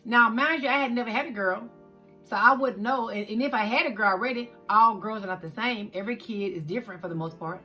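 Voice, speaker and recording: A middle-aged woman tells a personal story to her vlog viewers. Her voice is bright and clear, and she talks to them directly and with feeling. Soft music plays faintly behind her. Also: a little high, quick pace. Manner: expressive, talks straight to viewers as "y'all". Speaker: vlog host.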